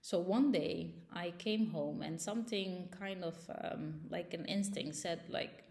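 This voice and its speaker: A woman's voice: fairly low pitch, measured pace, creaky, a little mellow. A young woman vlogger telling a personal story in a casual, agitated and emotional way.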